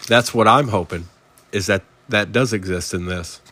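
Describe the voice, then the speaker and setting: A man's voice: fairly low pitch, moderate pace, background noise. A man hosting a live sports card break, reading out player names and chatting with viewers.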